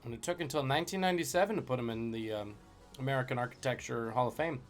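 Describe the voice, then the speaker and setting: A man's voice: medium pitch, fast, faint music behind. A man hosting a live-streamed trivia game, joking and chatting with viewers between questions.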